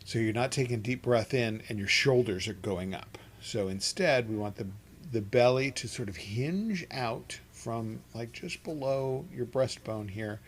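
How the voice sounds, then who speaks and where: A man leading a meditation and chanting class from his home studio, talking in a relaxed, rambling way with soft laughs and restarts. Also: medium pitch, unhurried, slight background noise. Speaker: meditation teacher. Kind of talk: guided chanting instruction. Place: home studio with an open window.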